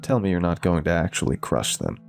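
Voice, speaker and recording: A man's voice: deep voice, very animated, brisk, vocal fry, soft background music, exaggerated voice. A man voicing a humorless, bearded army general with a German accent, blunt and skeptical.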